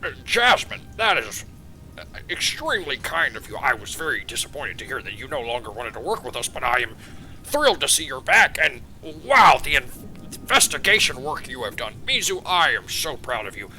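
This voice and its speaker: A man's voice: mid-range voice, big pitch swings, normal speed, bright, forceful tone. A man voicing a flustered, doting king who stammers over a princess daughter in a tabletop game.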